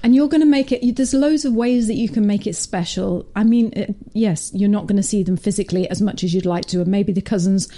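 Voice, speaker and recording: A woman co-hosts a podcast, chatting casually and telling stories while laughing often. Her medium-pitched voice has a dark tone, and she speaks briskly with few pauses.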